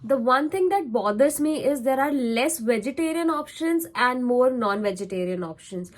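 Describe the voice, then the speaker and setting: A woman's voice: high voice, expressive, moderate pace. A young woman with an Indian English accent gives chatty, step-by-step advice to students in a casual vlog, now and then switching into Hindi. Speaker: vlogger, international student.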